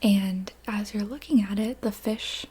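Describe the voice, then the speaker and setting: A woman narrating a guided visualization in a whispered role-play, soft and meandering, with many fillers. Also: mid-range voice, steady tone, unhurried, breathy edge. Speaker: ASMR storyteller.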